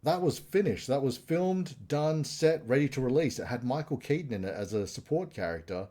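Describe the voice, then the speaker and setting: A man co-hosting a live review stream, retelling comic plots in a rambling, animated casual chat. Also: medium pitch, moderate pace.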